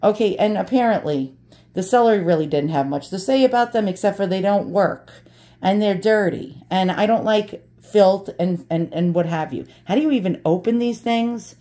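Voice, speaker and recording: A woman's voice: mid-range voice, normal speed, warm tone. A brash, profane woman chatting casually to viewers as she unboxes antiques, joking and swearing as she goes.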